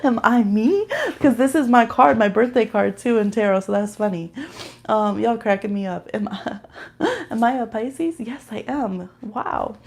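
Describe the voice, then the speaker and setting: A woman's voice: on the high side, moderate pace, gravelly, darkish tone. A woman giving a casual live-stream tarot and astrology reading, chatting straight to her viewers and laughing often as she pulls cards.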